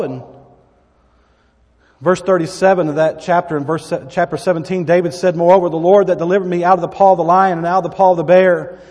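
A preacher with a high voice reads scripture with dramatic emphasis, breaking off into casual asides for his listeners. His voice rings out with a long reverb, as if filling a church hall. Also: a little mellow. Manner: dramatic Bible reading with asides. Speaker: pastor. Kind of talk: sermon.

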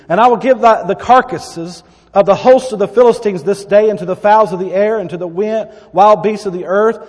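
A man's voice: sits high, fairly quick, husky, in a large hall. A man preaching a sermon, reading Bible verses dramatically and adding asides to the congregation. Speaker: pastor.

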